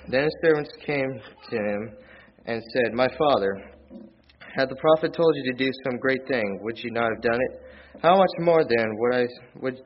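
A man's voice: medium pitch, dull audio, slight background noise. Earnest man preaching a plain sermon. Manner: earnest, plain-spoken, rising loudly on key points. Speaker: lay preacher. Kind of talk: sermon with scripture reading. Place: church.

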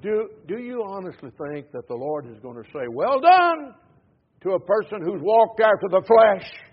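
Guy preaching a sermon, high husky voice, sounds tinny like over a phone line, gets loud then drops way down. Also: expressive, moderate pace. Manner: emphatic preaching that swings between loud stresses and low trailing endings.

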